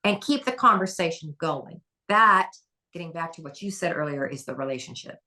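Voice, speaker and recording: A woman's voice: sits low, expressive, normal speed, pushed and bright. A woman who is a former head gymnastics coach, talking passionately and emphatically as a podcast guest. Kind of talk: podcast conversation.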